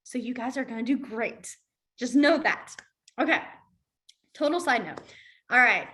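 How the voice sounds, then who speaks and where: Friendly young female teacher, chatty, a touch high-pitched, casual class delivery. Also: expressive, pushed and bright. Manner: chatty, laughs often, quick asides. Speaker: sign language teacher. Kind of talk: casual online class instruction.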